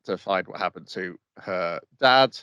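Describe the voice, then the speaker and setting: Low-voiced man summarizing anime plots. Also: pushed and bright, clean tone, no room sound, lo-fi sound. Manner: measured plot summaries with frequent "yes" agreement. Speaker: podcast co-host. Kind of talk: casual chat recapping anime plots.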